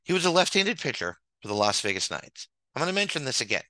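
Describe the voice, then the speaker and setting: A man's voice: mid-range voice, very animated, quick pace, pushed and bright, no room sound, rough recording. A man hosting a show, ranting with theatrical mock anger over slides and repeating his points for emphasis. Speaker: host.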